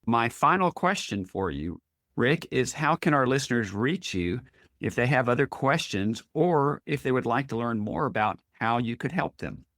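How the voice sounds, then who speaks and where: A man's voice: medium pitch, lively intonation, normal speed, fairly bright tone, dry recording, clean studio sound. A man hosting a podcast interview, speaking earnestly and encouragingly as he sums up his guest's points. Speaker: podcast host. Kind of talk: casual interview chat.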